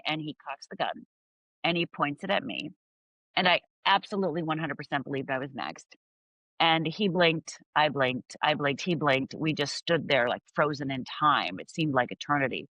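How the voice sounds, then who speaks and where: A woman's voice: sits low, normal speed, bright, forceful tone, no room sound, low-quality recording. A middle-aged woman from Upper Michigan telling her life story as a guest, acting out voices and moments vividly.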